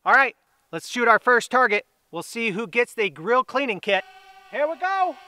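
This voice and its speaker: A man's voice: extremely high pitch, pushed and bright, clean tone, no room sound. A middle-aged man hosting an outdoor giveaway video, chatty and upbeat, drawing out the winners' names. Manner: upbeat, chatty, drawn-out announcements. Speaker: grilling channel host. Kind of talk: casual giveaway vlog.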